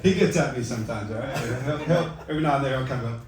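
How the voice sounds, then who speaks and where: A middle-aged man doing a stand-up comedy set, delivering deadpan self-mocking one-liners. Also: medium pitch, rapid-fire. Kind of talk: open-mic stand-up set. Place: comedy club stage with audience. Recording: echoey club from far off, loud noise. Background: audience laughter.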